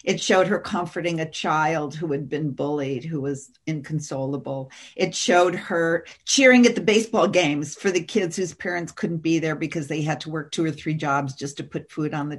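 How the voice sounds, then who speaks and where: A middle-aged woman, a guest on an interview show, telling an animated, dramatic story and often laughing. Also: deep voice. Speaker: guest, author and seminar teacher.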